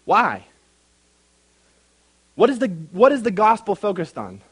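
A man with a notably high voice teaches a Bible class as its pastor. He speaks emphatically, puts questions to the group and calls on people by name. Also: huge pitch swings, measured pace, breathy edge.

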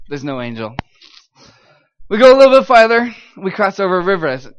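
A young American man giving a lively testimony in a church as a missionary speaker, telling his story with emphatic, animated delivery. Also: sits high, fairly quick, pauses often, clean tone. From United States.

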